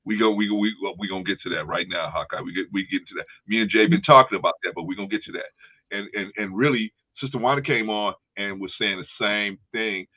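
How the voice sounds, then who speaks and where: An older man hosting a casual talk show, telling stories in an animated way, swearing freely and acting out what people say. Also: fairly low pitch, fast. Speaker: host. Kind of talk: casual panel chat. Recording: tinny phone-line sound.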